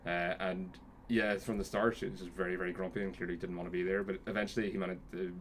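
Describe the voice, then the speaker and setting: A man hosting a podcast in casual chat, lively and argumentative, swearing freely. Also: low-pitched, fast, a little hiss or hum. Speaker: podcast host.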